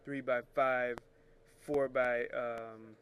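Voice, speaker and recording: A man's voice: medium pitch, little pitch movement, drawn-out words, fairly bright tone, smooth. A man hosting a photo retouching show, explaining scanner settings in a chatty, rambling way that corrects itself as he works at his computer. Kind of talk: casual screen-share tutorial.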